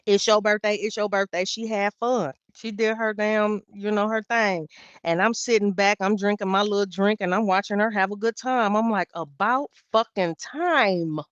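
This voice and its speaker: A woman guest on a podcast, telling a personal story in casual talk, swearing freely and swinging from loud outbursts to quiet asides. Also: medium pitch, clean tone, no echo, dull audio. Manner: profane, animated, swings loud then quiet.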